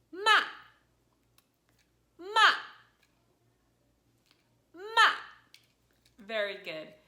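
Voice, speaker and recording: A woman leads a friendly language lesson and takes her time, with a patient, encouraging manner. Her voice is very bright and clear, and it rings in an echoey room. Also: medium pitch. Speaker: language teacher.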